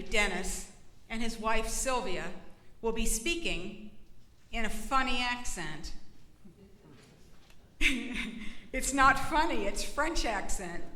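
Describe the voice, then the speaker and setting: A woman's voice: on the high side, pushed and bright. An older woman with a South Carolina accent presenting at a benefit concert, addressing a congregation in a folksy, joking manner. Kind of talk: speaking to a congregation. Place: large church hall. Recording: echoey hall.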